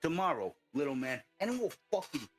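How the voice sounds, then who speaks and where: A man's voice: a little high, sing-song, fairly quick, soft background music. A man playing a foul-mouthed, belligerent brawler who rants and taunts nonstop in a tabletop game. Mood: taunting. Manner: swearing constantly, taunting, ranting.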